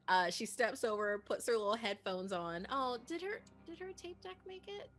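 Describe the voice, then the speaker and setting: A woman chatting as a player in a tabletop game, talking quickly and describing her character in detail. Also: mid-range voice, animated, a bit bright, faint music behind. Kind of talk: casual chat playing a tabletop game.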